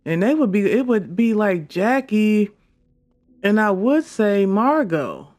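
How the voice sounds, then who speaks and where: A gamer giving casual, animated commentary over a detective game playthrough, often exclaiming and laughing. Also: medium pitch, slow pace. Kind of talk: casual let's-play commentary. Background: game music.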